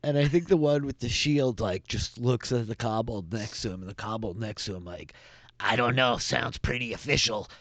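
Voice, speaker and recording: A man runs a tabletop game, describing the scenes casually with lots of filler words. His voice is low and a little husky, and the recording is dry and close. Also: brisk, hardly any pauses, darkish tone, no room sound. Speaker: game master.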